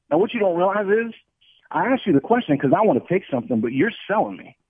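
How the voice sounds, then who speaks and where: A man from the Ohio Valley calls in to a radio talk show as a guest, talking fast in a fairly high voice. He is energetic, stumbles over repeated words and acts out quick dialogues. The sound is a dry, tinny phone line with a husky edge. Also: no room sound. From Ohio Valley, USA. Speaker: guest sales expert. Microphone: telephone.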